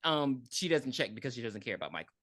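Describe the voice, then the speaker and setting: Woman podcast host, animated delivery, bright voice, dry close mic. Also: a bass voice, quick pace, no room sound. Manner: animated, acts out characters in quotes. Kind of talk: casual movie recap chat.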